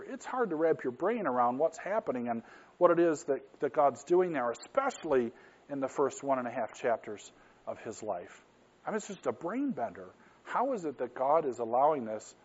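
A man's voice: fairly high pitch, lo-fi sound. A middle-aged man, a pastor, preaching a sermon in an earnest, conversational way with frequent rhetorical questions.

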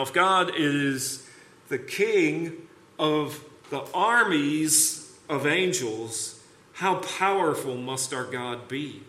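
A man delivers a sermon at an unhurried pace, his voice bright and ringing. He leans hard into key words and lets them swell. The sound carries the echo of a church sanctuary. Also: a little high. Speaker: pastor.

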